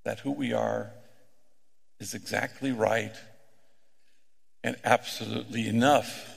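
A middle-aged man, a priest, preaching a sermon through unhurried, conversational stories, slipping in Spanish slang. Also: medium pitch, fairly even intonation, vocal fry, slightly rough. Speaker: priest working with gang members. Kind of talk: sermon with storytelling. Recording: echoey hall with long reverb.

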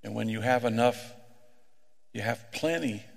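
Gravelly middle-aged preacher in a hall. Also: male voice, mid-range voice. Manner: conversational, unhurried, sprinkles in Spanish slang. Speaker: priest working with gang members. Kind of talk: sermon with storytelling. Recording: echoey hall with long reverb.

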